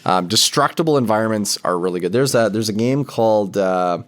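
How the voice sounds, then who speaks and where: A man's voice: fairly low pitch, fairly quick. A man co-hosting a gaming podcast, chatting casually and thinking aloud with plenty of fillers. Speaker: podcast co-host.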